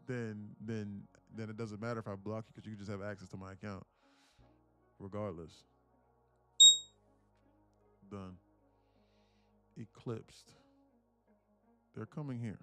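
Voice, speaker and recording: Gravelly-voiced man hosting a trading stream. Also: on the low side, takes it slowly, long pauses, darkish tone, soft background music. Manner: chatty, laughs often, repeats words while thinking. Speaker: day-trading livestream host. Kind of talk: casual live-stream chat.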